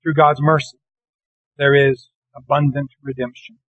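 A man preaching a morning lesson, reading scripture verses slowly and earnestly. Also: medium pitch, flat delivery, no room sound, highs cut off. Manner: earnest, deliberate, slows for scripture.

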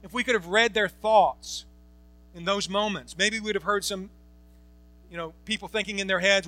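A man's voice: high voice, fairly even intonation, normal speed, bright, forceful tone, no room sound. A man preaching a Bible-teaching sermon, emphatic, repeating phrases and asking rhetorical questions. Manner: asks the congregation rhetorical questions.

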